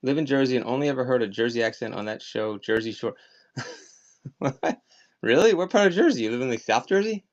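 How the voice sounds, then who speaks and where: A man's voice: medium pitch, animated, brisk. A man from Maryland with a slight Maryland accent, rambling chattily as an online auction seller on a live stream. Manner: rambling, chatty, many "like" fillers. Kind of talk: casual live-selling chat. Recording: slightly dull lo-fi stream audio.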